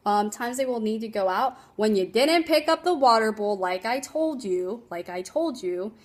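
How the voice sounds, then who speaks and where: A woman with a slightly high voice talks as a dog trainer on a phone livestream. She is chatty and emphatic and laughs often as she gives casual tips. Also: animated, normal speed.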